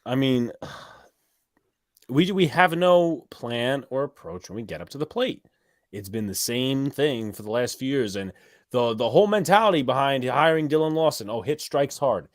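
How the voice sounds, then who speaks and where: A man's voice: medium pitch, expressive, dry recording. Rambling casual sports-talk man, dry sound. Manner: rambling, quick asides, blunt swearing. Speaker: co-host. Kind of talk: casual sports call-in chat.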